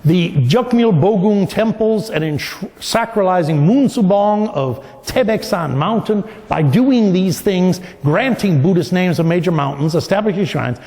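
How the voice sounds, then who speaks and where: A man with a slightly high, gravelly voice tells a legend as a lecture. He explains as he goes and often restarts his phrases. The sound rings with the long reverb of a large temple hall. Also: darkish tone. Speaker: professor giving a dharma talk. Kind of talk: storytelling lecture.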